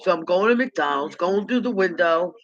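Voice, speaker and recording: A middle-aged woman telling loose, halting stories from her past, repeating words as she goes and laughing at her own memories. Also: lowish voice, expressive, dull audio. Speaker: vlogger. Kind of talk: rambling personal storytelling.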